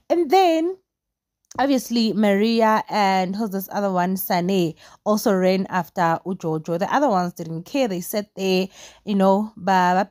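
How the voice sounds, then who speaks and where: A young woman with a South African Zulu accent giving casual, opinionated commentary on a reality show, animated and gossipy and mixing English with Zulu. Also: medium pitch, dry recording, studio quality. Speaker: entertainment vlogger reviewing a reality show.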